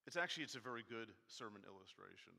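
A man preaching a casual, self-deprecating sermon with a bright, forceful tone. His voice rings out with long reverb through a church sanctuary, and he acts out his points by arguing with his text. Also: fairly low pitch, lively intonation, fast, vocal fry. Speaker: guest preacher. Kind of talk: conversational sermon.

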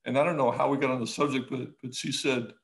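A man, an architect, talking casually in an interview, halting with many restarts and growing lively when he tells a story. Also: mid-range voice, poor audio. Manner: halting, many restarts and fillers, animated when telling stories.

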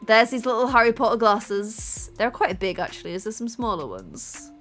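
A woman's voice: on the high side, animated, normal speed, fairly bright tone, faint music behind. A woman playing a life-sim game and commenting, theatrical, playfully menacing and giggly. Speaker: gaming YouTuber. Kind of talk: playful let's-play commentary.

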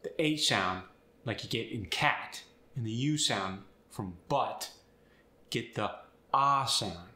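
A man teaching accents and explaining sounds step by step in an upbeat, clear way. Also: on the low side, expressive, slow, bright, forceful tone, reverberant. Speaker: accent coach. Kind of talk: instructional video.

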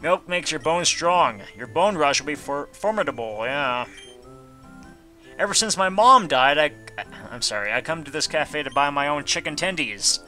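Bright-voiced joking let's-play guy. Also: a little high, animated, moderate pace, soft background music. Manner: jokey, reads game text aloud with goofy asides. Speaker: let's player. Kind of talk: casual gameplay commentary.

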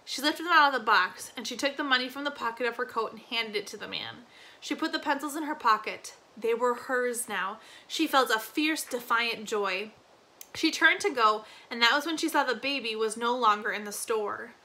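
Reading a novel aloud at a normal speed, a teacher lets her bright, somewhat high voice linger on important phrases with expressive pacing. Little stumbles and restarts show the reading is live.

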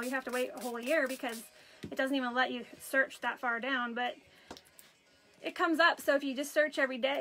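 A woman's voice: high voice, a little hiss or hum, rough recording. A woman hosting a craft live stream, chatting casually and telling stories to viewers while she works. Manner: chatty, animated storytelling, greets viewers while working.

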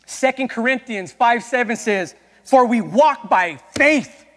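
A man's voice: very high voice, expressive, a little slow, a bit bright, long reverb tail. A young man preaching an impassioned sermon as a youth pastor in a church, repeatedly calling out to the congregation.

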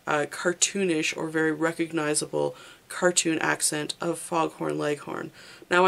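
A book reviewer talking casually through a library haul, halting often on fillers and restarts and giving candid, opinionated verdicts. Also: mid-range voice, gravelly, a bit bright. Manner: halting, with frequent ums and restarts.

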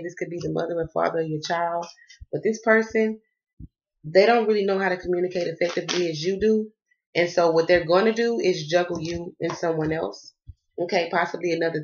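A man with a Southern US accent giving a casual tarot reading, folksy and profane, calling viewers y'all and baby. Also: a little high. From Southern United States. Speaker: tarot card reader. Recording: muffled lo-fi audio with faint hiss.

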